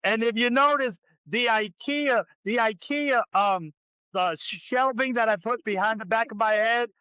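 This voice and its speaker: A man's voice: very high-pitched, moderate pace, clear, resonant tone, no echo, highs cut off. A man hosting a comedy podcast, riffing through absurd improvised jokes. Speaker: podcast host. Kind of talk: casual comedic chat.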